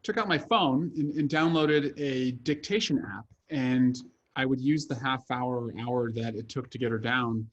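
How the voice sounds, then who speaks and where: A man's voice: medium pitch, normal speed, dull audio. A man in his thirties, an author and congressman, talking earnestly with many "uh" fillers during a video-call interview. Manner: frequent "uh" fillers, earnest and fluent.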